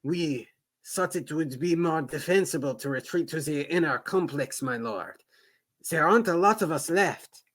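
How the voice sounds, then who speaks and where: A man voicing an anxious young soldier, speaking in a halting, nervous way. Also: high-pitched, expressive, pitched above the performer's own voice. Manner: nervous, halting, drawn-out delivery. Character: anxious young male soldier guarding a cave.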